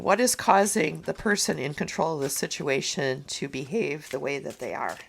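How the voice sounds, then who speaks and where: A woman with a low voice talks through an oracle card reading in a casual vlog. She is tearful and emotional, and her speech is soft and halting, full of pauses. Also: creaky, slight background noise.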